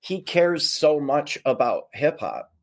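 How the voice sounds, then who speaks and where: Male podcast guest, casual storyteller, slightly high pitch, acts out the people he talks about. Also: slow pace. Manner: animated, does voices of people in his stories.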